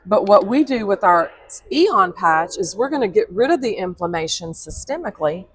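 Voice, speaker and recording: A woman explaining her company's products in an upbeat, explanatory sales pitch during an interview. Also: big pitch swings, normal speed. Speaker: company representative.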